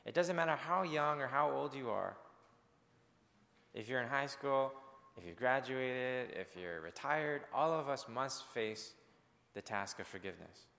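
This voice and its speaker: A man's voice: medium pitch, animated, unhurried, creaky, bright, forceful tone, long reverb tail. A male pastor preaching a sermon in an earnest, conversational way, speaking directly to his congregation.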